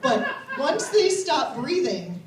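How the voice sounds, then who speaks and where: A woman's voice: high voice, sing-song, slow pace, recorded from a distance, crowd noise. A woman performing a stand-up routine on a comedy stage, sardonic and rising to mock outrage. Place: comedy stage before a laughing crowd. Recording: echoey live room mic, audience laughter.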